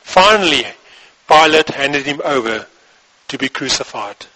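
Husky, bright-voiced man reading scripture. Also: on the high side, animated, unhurried, rough recording. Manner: reads, then breaks off to explain; occasional restarts and stumbles.

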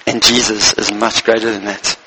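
A man's voice: fairly low pitch, flat delivery, moderate pace, background noise. A man preaching a Christmas sermon as pastor, speaking earnestly in short phrases and reading scripture aloud.

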